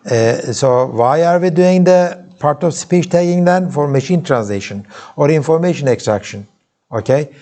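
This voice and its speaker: A man with a Turkish accent, a native Turkish speaker, giving a university lecture in English. He keeps checking in with the class with "okay?" and "right?" and pauses often on filler sounds. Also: on the high side, animated, warm tone. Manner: halting, with many filler sounds and restarts.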